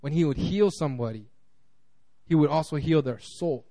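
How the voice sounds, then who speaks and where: A man pastor giving a casual, conversational sermon, animated and acting out quotes, with frequent restarts. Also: fairly high pitch, moderate pace.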